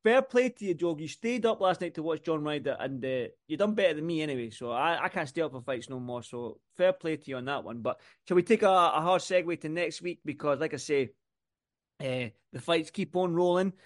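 A man's voice: on the high side, fairly quick. A man co-hosting a podcast, chatting about boxing with enthusiasm and lots of repeated words. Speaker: podcast co-host. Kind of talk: casual boxing chat.

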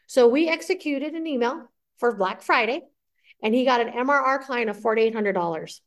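A woman with a fairly high voice recounts a business story with real drive. She slips into the voices of the people in it as she tells it, keeping an interview-guest tone. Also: normal speed. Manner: energetic, acts out client dialogue. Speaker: guest entrepreneur.

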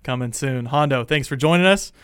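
A young man hosting a casual sports fan show, excitable and rambling, full of restarts. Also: mid-range voice, a little fast, smooth, no room sound, studio quality. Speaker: podcast host.

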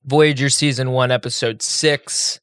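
A man's voice: mid-range voice, fairly even intonation, measured pace, a bit bright, smooth, no echo, studio quality. A man co-hosting a podcast in casual chat, laid-back and joking. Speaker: podcast co-host.

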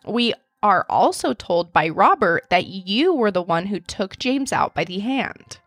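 A woman hosting a true crime podcast, telling the case in a steady storytelling way and reading out quotes. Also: mid-range voice, a little slow, no echo. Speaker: podcast host.

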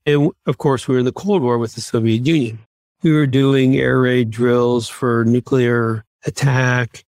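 A man in his sixties from Massachusetts, a guest on an interview podcast, telling lively self-deprecating anecdotes. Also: medium pitch, measured pace, no echo, clean studio sound. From Massachusetts, USA. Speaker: podcast guest, former submarine commander. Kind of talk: conversational interview storytelling.

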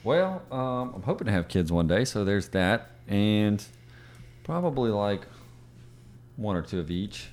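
A young man co-hosting a podcast, talking in an easygoing, low-key way. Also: very animated, unhurried, a little mellow. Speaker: podcast co-host. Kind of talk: casual chat.

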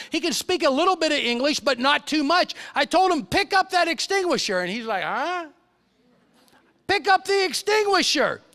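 High-voiced animated middle-aged preacher. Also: male voice, clear, resonant tone. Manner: animated storyteller, shifts from loud to hushed. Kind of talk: sermon. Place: church.

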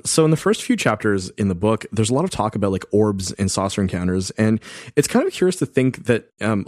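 A man's voice: fairly low pitch, darkish tone, no echo, clean studio sound. A man on a podcast asking long, rambling questions full of filler words. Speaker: podcast co-host. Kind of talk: casual podcast chat.

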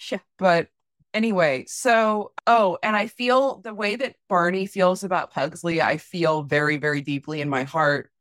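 A woman chatting on a podcast with a rambling, wry delivery and frequent restarts. Her voice is on the lower side and recorded dry and close. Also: measured pace, fairly bright tone, dry recording. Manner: rambling, self-interrupting, wry. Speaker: podcast co-host. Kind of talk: casual podcast chat.

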